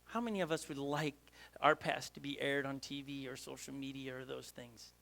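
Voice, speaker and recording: A man's voice: medium pitch, fairly even intonation, moderate pace, creaky, a bit bright. A male pastor preaching a sermon with energy, asking rhetorical questions and often restarting his sentences.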